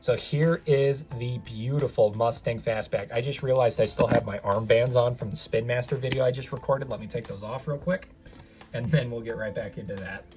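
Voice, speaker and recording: In this casual unboxing, a young man reviews a toy car in a loose, chatty manner, drifting off on tangents and poking fun at himself. His voice is mid-pitched and somewhat dark, his speed normal, and soft music plays in the background.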